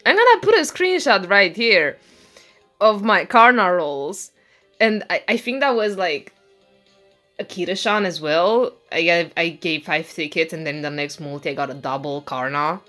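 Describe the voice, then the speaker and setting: Woman game streamer, bright tone, unhurried delivery, excitable and quick to swear, faint game music behind. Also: lowish voice. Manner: excitable, swears and shouts in disbelief. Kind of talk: casual commentary while playing. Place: bedroom.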